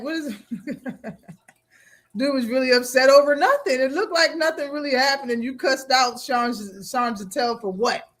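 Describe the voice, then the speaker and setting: A man's voice: very high voice, sharp tone. A man hosting a live boxing talk stream, reacting casually with slang and frequent laughter.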